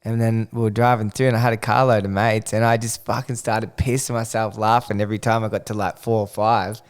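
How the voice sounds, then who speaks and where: A man's voice: lowish voice, flat delivery, brisk, clear, resonant tone. An Australian man co-hosting a podcast, chatting casually over beers, blunt and swearing freely as he tells stories. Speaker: podcast co-host.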